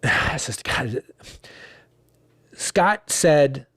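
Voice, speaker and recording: A middle-aged man, a guest comedian, telling stories in conversation, animated and profane, acting out the dialogue. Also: mid-range voice, very slow, husky, dry recording, clean studio sound. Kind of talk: conversational storytelling.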